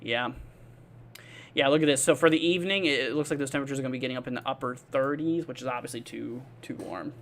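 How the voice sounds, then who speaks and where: Speaking fast in a medium-pitched, fairly bright voice, he hosts a live weather stream with casual, meandering talk and lots of fillers. He reads viewer comments aloud and answers people by name, staying friendly and easygoing.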